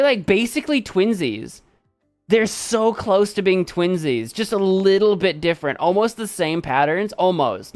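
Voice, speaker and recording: A man chatting casually on a live stream, giving playful commentary. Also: fairly high pitch.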